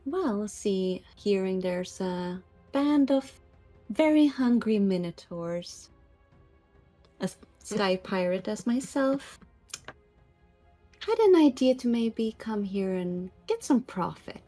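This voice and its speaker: A woman's voice: mid-range voice, expressive, slow, dark tone, faint music behind. A woman voicing a flamboyant, greedy sky pirate who talks in a coy, theatrical way.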